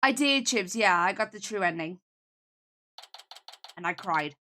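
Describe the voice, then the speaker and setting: Bright-voiced woman streamer chatting. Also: medium pitch, expressive, unhurried, slight background noise. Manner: chatty, talking to viewers. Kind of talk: casual gameplay commentary.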